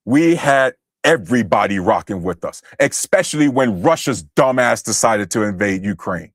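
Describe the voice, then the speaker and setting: A man's voice: fairly low pitch, lively intonation, moderate pace, husky, no room sound, clean studio sound. A man from the United States hosting a livestream, ranting angrily and profanely at his chat and berating commenters. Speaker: livestream host. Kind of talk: angry livestream rant at chat.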